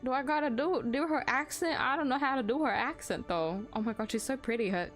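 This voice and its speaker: A woman's voice: high voice, a little fast, faint music behind. A young woman gamer chatting casually and giggling between lines she reads aloud from a visual novel. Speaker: let's play gamer reading a visual novel. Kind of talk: casual chat between voiced game lines.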